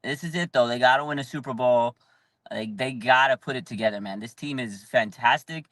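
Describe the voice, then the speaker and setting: A man hosting a live fan channel, talking in excited bursts with frequent shouts and lots of "like". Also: mid-range voice, fairly quick, no room sound.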